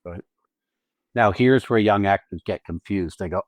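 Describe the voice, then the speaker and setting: A man's voice: lowish voice, normal speed, dry recording. A man co-hosting a podcast on acting, explaining technique in casual chat, blunt and profane, stressing points and restarting phrases. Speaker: podcast co-host and acting teacher.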